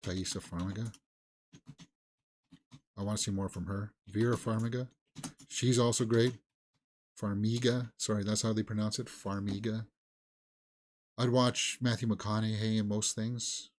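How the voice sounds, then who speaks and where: Man, co-host, casual chat, lowish voice, halting, thinking aloud. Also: fairly even intonation. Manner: musing, halting, with fillers and restarts. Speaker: movie news co-host.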